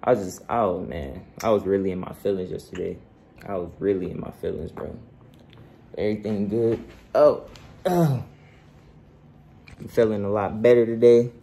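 A man's voice: on the low side, brisk, vocal fry, dark tone. A young man and father chatting casually to his viewers in a laid-back, slangy way from home. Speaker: vlogger and father. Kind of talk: casual vlog chat.

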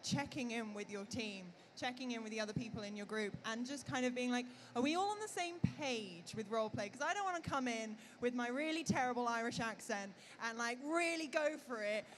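Chatty high-voiced woman panelist. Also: slight background noise. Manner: casual and chatty, full of "like". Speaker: panelist, actor and player. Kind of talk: live convention panel talk. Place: on stage at a comic convention panel.

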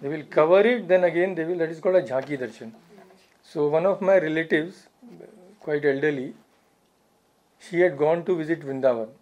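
A man's voice: a little high, moderate pace, muffled recording. A man giving a spiritual talk as a swami, earnest, repeating phrases for emphasis. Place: society hall.

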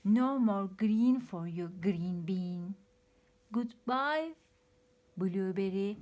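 A woman's voice: mid-range voice, expressive, extremely slow, a little mellow. A woman voicing an evil male pea villain in a storybook, screechy and gleeful. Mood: gloating.

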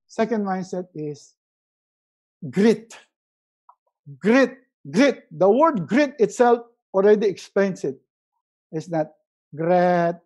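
A man giving a lively motivational webinar talk, repeating words for emphasis and swinging between loud and hushed delivery. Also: sits high, rough recording. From Philippines. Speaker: resiliency coach.

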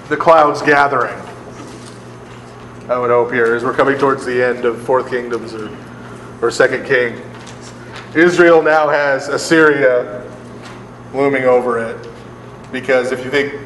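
A man's voice: mid-range voice, fairly bright tone, echoey room, long reverb tail, a little hiss or hum, poor audio. A man, a priest, leading a live Bible study for a group, conversational and often laughing, checking in with his listeners. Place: large hall with a live group.

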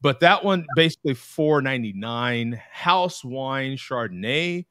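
Talkative host, man, US, lively and laughing, reads text haltingly; dry close video-call audio. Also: medium pitch, no room sound. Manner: chatty, laughs often, reads aloud haltingly. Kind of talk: casual chat.

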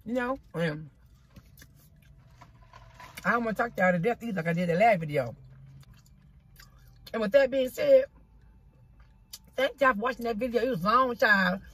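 Husky-voiced woman in a chatty eating vlog. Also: on the high side, normal speed, pauses often, fairly bright tone. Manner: chatty and folksy, drawls "child" and "y'all"; talks while eating. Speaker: vlogger eating on camera. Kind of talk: casual chatty mukbang vlog. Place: outdoors in a parking spot. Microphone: phone camera.

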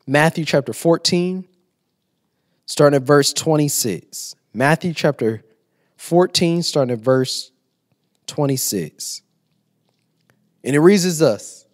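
A man preaching a sermon at an online church service, swinging from loud declaring to hushed near-whispers and repeating lines for emphasis. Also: a little high.

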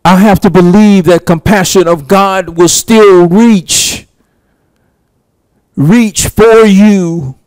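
A man preaching a sermon, slow and emphatic, with long pauses between phrases. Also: high-pitched, fairly even intonation, a little mellow, dry recording. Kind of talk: sermon teaching.

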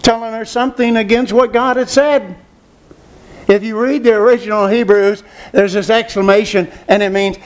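A man's voice: high voice, fairly even intonation, moderate pace. A man preaching a sermon, who speaks emphatically, asks rhetorical questions and repeats phrases.

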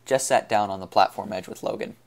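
A man reading a science fiction novel aloud as narrator, in an even, unhurried storytelling manner. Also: lowish voice. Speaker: audiobook reader. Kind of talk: scripted narration.

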